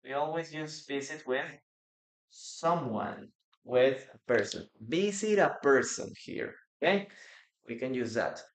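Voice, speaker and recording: A man's voice: medium pitch, animated, a little slow, a little hiss or hum. A man teaching a live online English lesson, patiently repeating words and quizzing his viewers in the chat. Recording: roomy echo.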